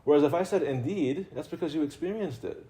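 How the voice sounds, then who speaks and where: Male religious teacher, warm mellow tone, playful conversational delivery with frequent laughs. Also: on the high side, quick pace. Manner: conversational and playful, laughs often, repeats himself. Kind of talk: informal spiritual talk to a live audience.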